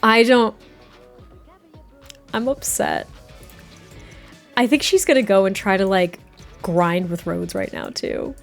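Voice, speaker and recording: A woman's voice: mid-range voice, moderate pace, gravelly, soft background music. Young woman, casual game commentary, reactive, laughs a lot, desk mic. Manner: chatty, reactive, laughing often. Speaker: game streamer. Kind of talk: casual let's-play commentary.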